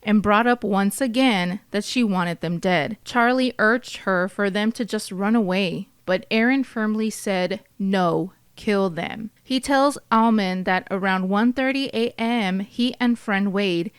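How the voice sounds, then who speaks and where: Smooth-voiced woman, blunt podcast host. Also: medium pitch, measured pace, hardly any pauses, dry recording. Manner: profane, outspoken commentary. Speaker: true crime podcast host. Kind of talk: reading a case with blunt asides.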